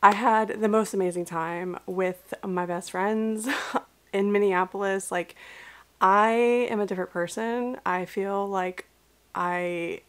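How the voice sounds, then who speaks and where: A woman's voice: mid-range voice, steady tone, takes it slowly, fairly bright tone, clear, resonant tone. A young woman talks casually to her viewers about books and her week. Her talk wanders, full of fillers and restarts, and she is still getting over an illness. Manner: chatty, rambling, lots of fillers and restarts. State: recovering from illness, tearful at times. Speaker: book vlogger. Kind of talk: casual vlog chat.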